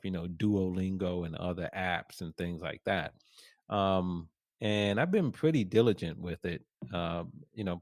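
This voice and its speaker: A man hosting a sports podcast in a relaxed, rambling way, with many fillers and restarts. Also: low-pitched, no echo, studio quality. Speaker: podcast host. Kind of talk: casual podcast chat.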